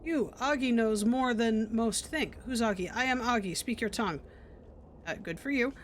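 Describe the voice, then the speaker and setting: A woman voicing a male warrior in a game who talks in halting, broken sentences. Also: fairly high pitch, slight background noise, natural voice. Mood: earnest. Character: simple-speaking male tribal warrior.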